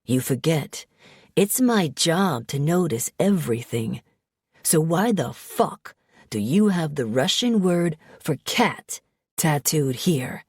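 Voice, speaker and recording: A woman reading an audiobook, voicing a brooding male mafia man from New Jersey who talks in a low, drawling, menacing way. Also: expressive, slow pace, darkish tone, husky, no room sound, studio quality, exaggerated voice. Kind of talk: audiobook character voice.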